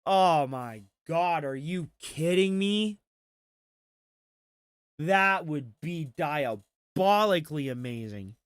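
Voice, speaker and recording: A man's voice: a little high, expressive, slow, smooth, no room sound, studio quality. A man ranting about movies on a casual commentary stream, swearing freely. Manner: profane, ranting.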